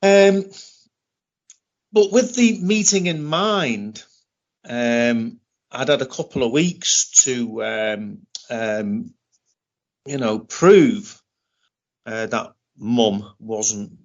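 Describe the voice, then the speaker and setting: Man, British accent, middle-aged, interview guest, halting, repeats himself, mid-pitched voice. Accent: British English. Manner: halting, repeats words and restarts often. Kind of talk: telling a personal story in conversation. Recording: dull lo-fi recording.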